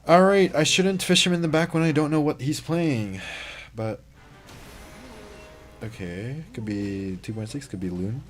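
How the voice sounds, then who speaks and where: A man's voice: mid-range voice, unhurried, pauses often, soft background music. A young man livestreaming a mobile game, chatting casually, reading chat and reacting to plays.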